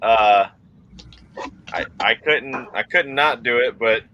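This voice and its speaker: A man of medium pitch with a bright, clear tone talks earnestly and circles back over his own words as he explains. The conversation is relaxed, with faint noise underneath. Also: slow, dull audio. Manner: earnest, repeats himself while explaining. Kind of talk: casual chat.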